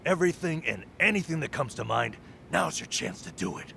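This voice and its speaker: An actor playing an upbeat, friendly young male hero who speaks in an excitable, animated way. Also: fairly high pitch, fairly quick, gravelly, a little hiss or hum, exaggerated voice. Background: game music.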